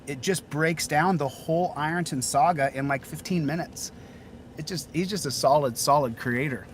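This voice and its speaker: A man's voice: fairly high pitch, slight background noise, rough recording. A man hosting a casual livestream outdoors, hot and sweating, talking in a rambling way with many repeated phrases. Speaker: livestreaming channel host. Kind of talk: casual live-stream chat.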